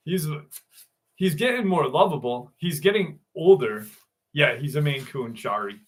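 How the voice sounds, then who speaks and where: A man's voice: a little high, a bit bright. A man in his sixties hosting a casual livestream from home, chatting loosely with viewers, greeting them by name and swearing freely. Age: 60s. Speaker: livestream host.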